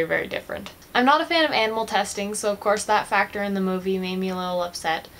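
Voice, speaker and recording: A woman's voice: mid-range voice, a bit bright, slight background noise. A young woman vlogging a casual, chatty movie review, gushing like a fan and giggling often.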